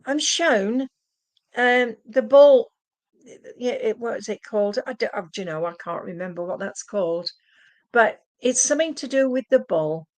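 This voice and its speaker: A woman's voice: fairly high pitch, expressive, moderate pace. A woman giving psychic card readings on a live stream, calling viewers "sweetheart" as she relays messages from spirits. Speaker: psychic medium.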